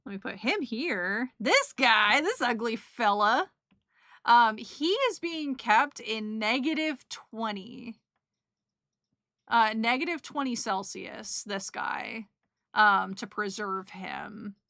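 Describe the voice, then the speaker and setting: Bright-voiced young woman chatting casually. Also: on the high side, no echo, studio quality. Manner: rambling, emotional, giggly, many fillers. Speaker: streamer recapping a trip. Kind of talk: casual chat.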